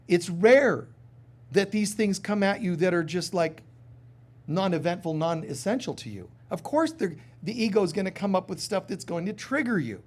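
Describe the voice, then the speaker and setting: A man preaching a live sermon with a slightly raised pitch. He talks to the congregation like friends, joking and acting out quick little voices. On serious points he goes soft and quiet. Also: very animated. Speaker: spiritual teacher.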